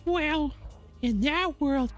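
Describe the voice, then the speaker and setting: A streamer voicing a boastful, pompous teenage fan-comic creator in a visual novel, speaking in a grand, drawn-out way during a live stream. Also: high-pitched, music in the background, pitched above the performer's own voice. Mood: grandiose. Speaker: VTuber streamer.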